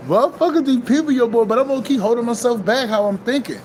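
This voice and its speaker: A man's voice: very high voice, fast talker, darkish tone, a little hiss or hum. A man giving a loose, casual spiritual pep talk, swearing freely and repeating himself as he urges listeners to keep an open heart. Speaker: spiritual vlogger.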